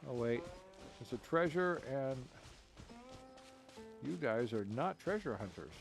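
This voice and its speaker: A man's voice: mid-range voice, expressive, slow, creaky, faint music behind. A man casually commenting while playing a game, rambling and hesitant with a self-mocking edge. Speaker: game streamer.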